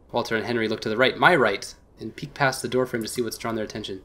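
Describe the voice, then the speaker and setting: A man's voice: mid-range voice, fairly even intonation, quick pace, hardly any pauses, pushed and bright. A man hosting a let's play, casually reading a visual novel aloud with small slips.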